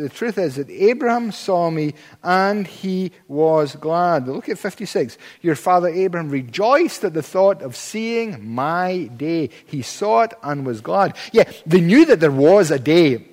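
A man's voice: a little high, expressive, a little slow, few pauses, darkish tone, in a large hall. A man preaching a sermon in church, emphatic, with dry humorous asides.

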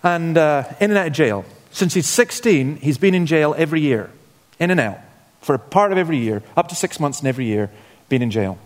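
A man's voice: fairly high pitch, lively intonation, brisk. Scottish-based man preaching in a reverberant church. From Scotland. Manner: informal, storytelling, wry asides. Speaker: guest preacher. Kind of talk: sermon. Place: church hall. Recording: long hall reverb.

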